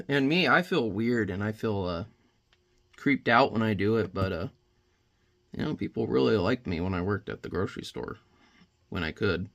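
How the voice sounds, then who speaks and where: A man chatting casually while he paints, rambling between jokes and quiet reflection. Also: fairly low pitch, lively intonation, moderate pace, creaky, pauses often. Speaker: painting vlogger.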